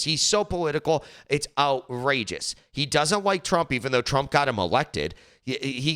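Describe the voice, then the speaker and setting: Bright, smooth-voiced man rambling on politics. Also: medium pitch. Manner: rambling, frequent restarts and stumbles. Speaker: political commentary host. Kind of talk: casual political commentary.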